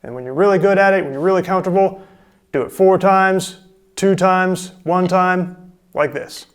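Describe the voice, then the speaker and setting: A man teaching a drum lesson on camera, coaching calmly and step by step. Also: high-pitched, moderate pace, clean tone. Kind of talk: instructional video lesson.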